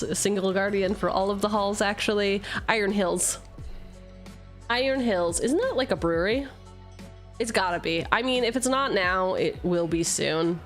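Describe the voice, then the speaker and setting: A woman streamer in casual live-stream chatter, reading card text aloud and joking at her own expense, swearing freely. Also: medium pitch. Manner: playful, self-mocking, swears freely, jumps between jokes and reading. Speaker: streamer opening card packs.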